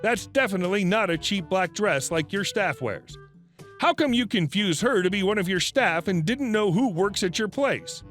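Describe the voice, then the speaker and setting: A man's voice: high-pitched, animated, normal speed, a bit bright, soft background music. A man reading the part of an angry husband scolding store staff to defend his wife. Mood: indignant. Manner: indignant, scolding.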